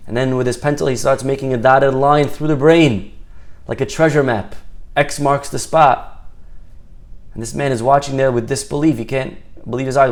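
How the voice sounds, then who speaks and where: A man's voice: medium pitch, steady tone, moderate pace, darkish tone. A man telling a story in a Torah talk, acting out the characters and stretching words for emphasis.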